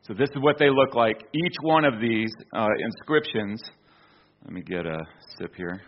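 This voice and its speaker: A man's voice: medium pitch, normal speed, lo-fi sound. A man from the United States giving a casual illustrated talk, telling a travel story with many fillers and restarts. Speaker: speaker presenting an archaeology slideshow.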